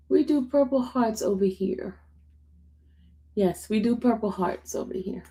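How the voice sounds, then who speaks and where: A woman's voice: fairly high pitch, measured pace, warm tone, breathy edge. A woman hosting a casual livestream, reading viewer comments aloud and chatting with her dog. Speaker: livestream host answering viewer questions. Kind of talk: casual live chat with viewers.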